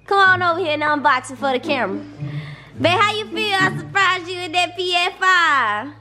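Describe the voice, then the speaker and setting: Very high-voiced, lively young woman vlogger. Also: moderate pace. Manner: hyped-up, teasing, animated chatter. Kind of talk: excited home vlog. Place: home. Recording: background music under the voice.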